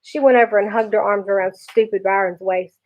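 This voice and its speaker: A woman teacher reading a children's chapter book aloud in a lively, expressive way. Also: mid-range voice, fairly quick. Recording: dull lo-fi recording.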